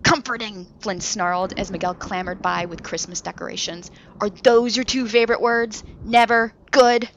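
A woman's voice: fairly low pitch, flat delivery, fairly quick, vocal fry, hardly any pauses, a bit bright, lo-fi sound, a little hiss or hum. A woman voicing a dry, sarcastic young male sailor.

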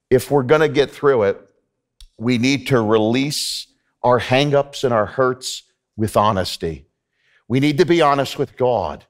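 A man preaching a sermon in a church, talking earnestly and conversationally to the congregation, often repeating himself. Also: medium pitch. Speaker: pastor. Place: church sanctuary.

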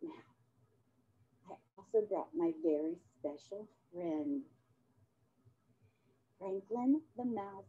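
A woman playing a cheerful Mrs. Claus who does magic tricks and puppet patter for children, in a slow, sing-song, coaxing children's-show delivery. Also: medium pitch, animated, slightly rough, heavily acted. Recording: dull, muffled audio.

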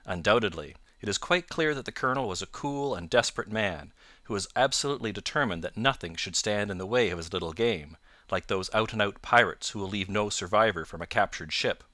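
A man voicing a sharp, confident male detective in an audiobook, cool and measured. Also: on the low side, animated, dry recording, clean studio sound. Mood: assured. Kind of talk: audiobook narration.

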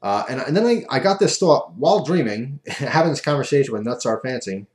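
A man's voice: medium pitch, lively intonation, a little fast, darkish tone. A man casually telling a rambling, self-amused story as a vlogger, recorded in an echoey room.

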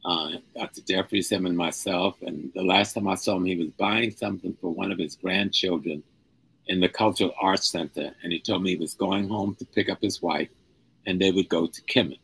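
An older man, a guest, telling a personal story at an unhurried pace, stretching key words. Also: deep voice, fairly even intonation, creaky, a bit bright, slightly rough, rough recording. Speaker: guest speaker. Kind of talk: storytelling in a live-streamed conversation.

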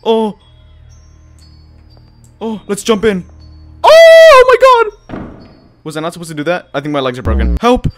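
Man, gaming commentary, horror playthrough, panicky, swearing, gasping, very lively swings in pitch. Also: moderate pace, pauses often, faint music behind. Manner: jumpy and panicky, gasping, swearing, nervous laughter. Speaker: gaming YouTuber.

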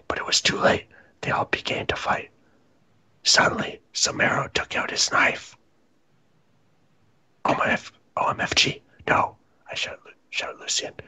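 A man doing a comedic, mock-dramatic reading of fan fiction, reading the punctuation aloud in a breathy half-whisper. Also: bright, forceful tone. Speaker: reader.

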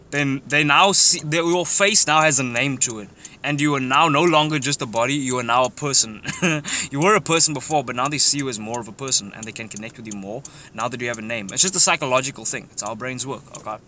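A brisk young man with a medium pitch and sharp tone laughs repeatedly while giving crude, easygoing social advice in a casual chat at the wheel. Street and car noise run underneath the noisy recording from inside the vehicle.

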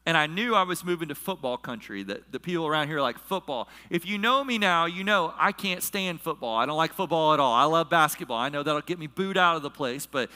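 Middle-aged man, pastor, bright tenor, emotional storytelling sermon, big hall reverb. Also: on the high side, lively intonation, fast talker, hardly any pauses. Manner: emotional, chokes up while telling a story. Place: church hall with a live audience.

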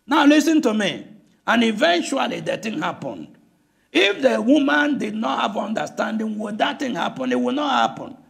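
An older Nigerian pastor preaches with a rough, gravelly voice. His pitch sits high and swings widely as he calls out to the congregation, often breaking into shouts. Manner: impassioned preaching with frequent shouts and "listen to me". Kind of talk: sermon.

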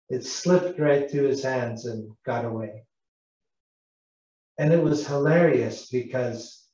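A man from British Columbia, an Indigenous cultural interpreter, telling a gentle, unhurried storytelling lesson to schoolchildren and asking them questions. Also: mid-range voice. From British Columbia, Canada. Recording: echoey, distant, dull live broadcast sound.

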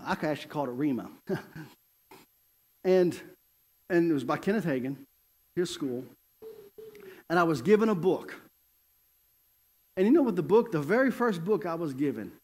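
A middle-aged man preaching as an evangelist, his voice sitting high and swinging widely in pitch. He tells his story with animated energy and breaks into laughter often. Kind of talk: sermon with personal testimony.

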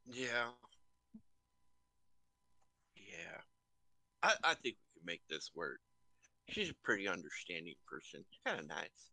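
A man's voice: low voice, sing-song, slow, gravelly, pauses often, sharp tone, no room sound. A man playing in a tabletop game, hesitant and stammering as he talks in character. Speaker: player.

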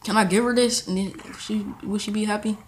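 A young man giving casual gameplay commentary, excitable and talking back to the characters on screen. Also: high-pitched, fairly quick, slight background noise. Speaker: gaming channel host.

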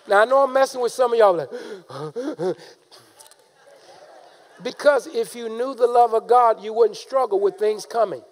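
A man preaching a sermon, calling out to the congregation and rising into shouted emphasis. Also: very high-pitched, a little fast, hardly any pauses. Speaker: pastor.

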